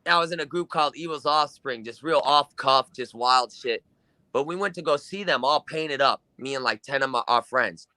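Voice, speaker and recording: A man's voice: mid-range voice, normal speed, bright, forceful tone, no echo. A young man from Wisconsin, a guest musician telling rambling, profane stories in casual chat. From Kenosha, Wisconsin. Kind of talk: casual storytelling.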